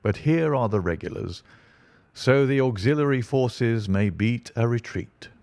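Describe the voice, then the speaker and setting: A man voicing a cool, analytical detective in an audiobook, speaking in a measured, dry, lecturing way. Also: medium pitch, lively intonation, a little mellow, clean tone, no echo. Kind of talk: audiobook reading.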